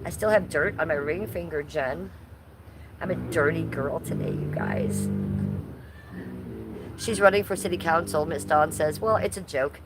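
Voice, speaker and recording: A woman's voice: deep voice, moderate pace, very noisy. Blunt, ranting woman live streamer. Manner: blunt, profane, ranting, answers chat. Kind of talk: casual live-stream commentary.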